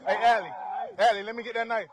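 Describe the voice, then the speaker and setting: Male officer, urgent and commanding, high-ish voice, loud street noise on bodycam. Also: flat delivery, fast talker. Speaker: police officer. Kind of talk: bodycam footage. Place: outdoors on a street. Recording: noisy outdoor bodycam audio.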